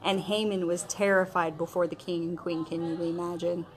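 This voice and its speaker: A woman's voice: lowish voice, little pitch movement, normal speed. A woman leading a casual Bible study, retelling scripture in a chatty, slangy way, with many fillers. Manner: conversational storytelling, retelling scripture in modern slang; chatty, with frequent fillers like okay and um.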